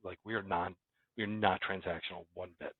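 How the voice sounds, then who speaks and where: Deep-voiced man on a tinny line. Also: steady tone, fairly quick, husky, no echo. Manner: rambling, many restarts and fillers. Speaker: company president, guest. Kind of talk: casual interview talk. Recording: dry, phone-like remote call audio.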